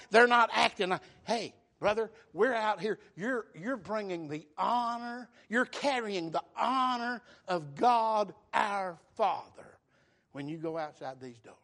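A male preacher, delivering an impassioned sermon with call-and-response, swinging from loud to hushed. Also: high-pitched.

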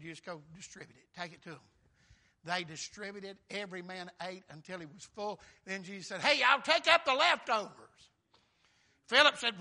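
Folksy preacher man, bright and high. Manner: folksy, exclamatory, calls for amens. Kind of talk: sermon.

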